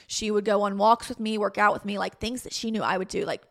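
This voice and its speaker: A woman's voice: medium pitch, quick pace, creaky, no echo, clean studio sound. A young woman, a podcast host candidly telling a personal story in a chatty way, often saying "like". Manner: chatty, frequent "like", quotes herself and others in lively voices.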